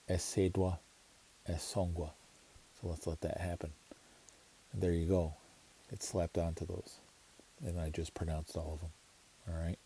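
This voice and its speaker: Low husky guy walking through a language lesson, slow and laid back, says words over and over. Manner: relaxed, explanatory, repeats words slowly. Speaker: language teacher. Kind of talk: casual screen-share lesson.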